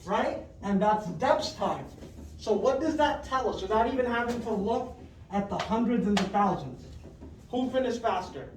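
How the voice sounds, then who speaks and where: A classroom teacher leading a math lesson, patiently repeating questions, checking with "right?", and calling on pupils by name with quick praise. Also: mid-range voice, animated, slight background noise. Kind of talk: fifth-grade math lesson. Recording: roomy classroom heard from a distance.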